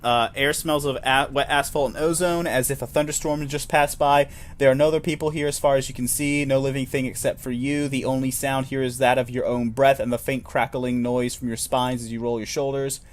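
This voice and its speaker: A man's voice: medium pitch, little pitch movement, fairly quick, few pauses. A man reading a solo tabletop role-playing game aloud, narrating in second person with wry, self-deprecating asides.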